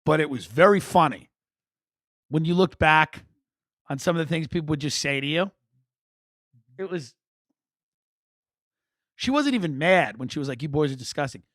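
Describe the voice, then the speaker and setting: A man's voice: fairly high pitch, normal speed, pauses often, dry recording. Wry rambling male storyteller, dry sound. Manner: rambling, wry, animated, with restarts and laughs. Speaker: podcast host. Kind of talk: comic storytelling monologue.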